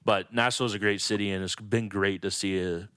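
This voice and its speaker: Man, very low voice, resonant, dry close sound, loose storytelling podcast co-host. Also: brisk, clean tone, no room sound. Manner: relaxed storytelling, lots of fillers. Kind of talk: casual chat.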